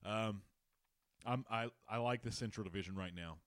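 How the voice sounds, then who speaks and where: A man with a fairly low voice hosts a loose, casual sports podcast. He rambles, swears freely and breaks into laughter. The sound is dry and close to the mic. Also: normal speed, fairly bright tone, dry recording. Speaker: podcast host.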